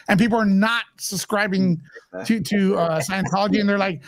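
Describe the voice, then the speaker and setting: A man hosting a casual livestream chat, blunt and joking, quick to mock. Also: high voice. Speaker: show host.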